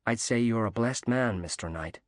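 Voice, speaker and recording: A man voicing a cheery young American woman athlete with an American accent, gracious and gently emphatic, in an audiobook reading. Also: medium pitch, moderate pace, no room sound, clean studio sound, natural voice.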